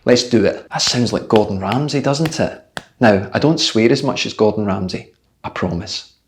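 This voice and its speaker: A man's voice: on the low side, normal speed, a little hiss or hum. A man with a Scottish accent, a cycling coach giving blunt, jokey, motivational training tips to camera and swearing now and then. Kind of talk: direct-to-camera training video.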